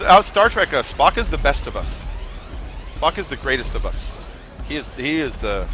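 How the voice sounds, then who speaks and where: A man's voice: on the high side, pushed and bright. A man streaming a game, chatting casually, rambling with lots of fillers and swearing. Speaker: gaming streamer. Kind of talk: casual live-stream chat while gaming.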